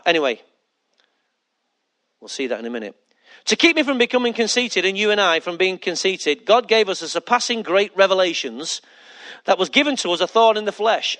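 A male pastor delivers a sermon in a high voice. He is emphatic, drives his points home by repeating them, and keeps asking the congregation questions. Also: sharp tone.

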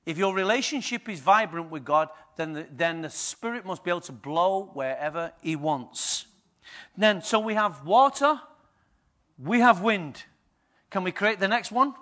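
Preaching to his congregation, this man fires off one rhetorical question after another, moving between hushed and booming. His voice is high-pitched and expressive, and he speaks a little slowly.

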